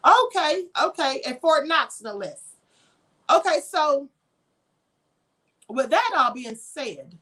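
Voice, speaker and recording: High-voiced woman teaching on a livestream. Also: sing-song, measured pace, pauses often, fairly bright tone. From Kentucky, US (raised). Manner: preachy, conversational lecturing with rhetorical questions. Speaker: spiritual livestream host. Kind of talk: live-stream teaching, reading chat comments.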